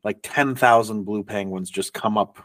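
A man's voice: fairly low pitch, normal speed, a bit bright, far from the mic. Emphatic male podcast co-host. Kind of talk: casual chat.

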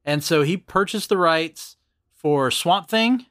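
A man's voice: fairly high pitch, slow pace, no room sound, clean studio sound. A man hosting a podcast, chatting casually and walking through background facts. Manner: relaxed, explains background facts. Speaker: podcast host.

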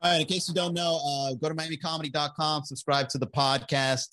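A man's voice: fairly high pitch, fairly even intonation, a little fast, pushed and bright. A man hosting a comedy podcast, chatting casually and reading viewer comments, profane and sarcastic, often laughing at his own jokes.

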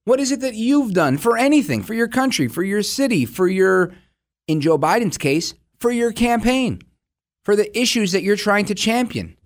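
A man's voice: sits high, expressive, moderate pace. A man hosting a political talk show, giving combative, sarcastic opinion commentary.

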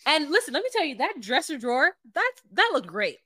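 A woman's voice: high voice, big pitch swings, fairly quick, pushed and bright, no room sound, studio quality. A woman co-hosting a podcast, recapping a reality show in rambling, giggly casual chat. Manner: rambling, giggly, restarts sentences. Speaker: podcast co-host.

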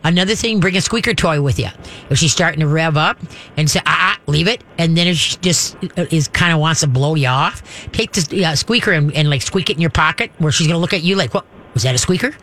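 A man with a fairly high voice hosts a call-in advice show as a dog trainer. He talks in a folksy, chatty way and often restarts his sentences. When he shows a command, he drops into a low, firm growl. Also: fast, fairly bright tone.

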